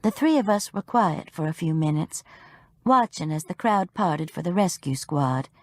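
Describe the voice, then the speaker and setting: A woman's voice: fairly low pitch, animated, normal speed, darkish tone, dry recording, clean studio sound. A woman narrating a cozy mystery audiobook in the first person, with a wry storytelling manner.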